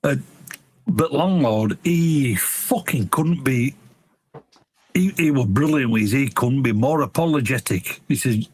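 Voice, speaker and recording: A man's voice: medium pitch, a little slow, darkish tone, husky, no echo. A middle-aged man, telling blunt, sweary band stories in casual podcast chat, often stumbling over the first word. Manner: blunt, sweary, stammers at starts. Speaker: podcast co-host.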